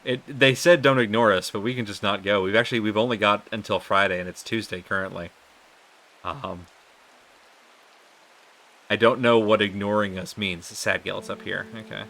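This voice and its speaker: A man's voice: on the low side, steady tone, normal speed, bright, forceful tone. A man streaming a game live, thinking aloud and asking his viewers what to do next. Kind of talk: live gameplay commentary.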